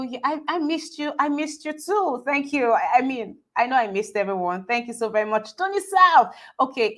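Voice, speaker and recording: A woman's voice: fairly high pitch, a bit bright. A woman with a Nigerian accent hosting a live stream, chatting and greeting viewers by name. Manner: chatty, friendly, often laughing. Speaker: host. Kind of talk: live stream chat reading comments.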